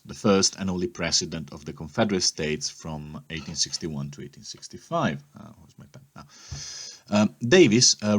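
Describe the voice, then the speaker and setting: Low husky male history teacher. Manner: explanatory, checks in with "okay?". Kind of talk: recorded history lesson.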